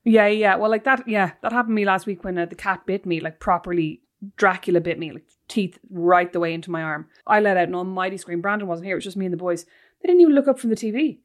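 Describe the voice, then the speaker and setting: A woman, co-hosting a podcast, chatting casually and telling animated stories. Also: medium pitch, fast talker. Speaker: podcast co-host. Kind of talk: casual chat.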